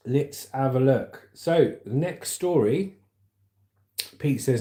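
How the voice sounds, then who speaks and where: Chatty livestream host, mellow tone, echoey room. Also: male voice, mid-range voice, expressive, slow. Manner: chatty, rambling, calls viewers "mate". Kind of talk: casual livestream chat and news reading.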